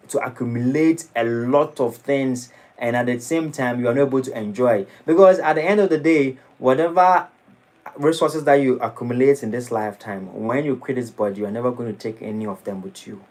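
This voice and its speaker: A man preaching a sermon in a temple, dramatic and lively. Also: mid-range voice, low-quality recording. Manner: dramatic, shifting into mocking acted quotes. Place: temple hall.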